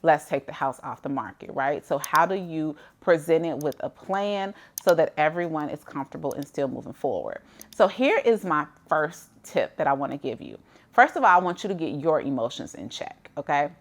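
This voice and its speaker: A woman's voice: low-pitched, sing-song, normal speed. A middle-aged woman, coaching real estate agents in a candid, conversational way. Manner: candid, conversational, frequent "like" and "you know". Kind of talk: coaching monologue to camera.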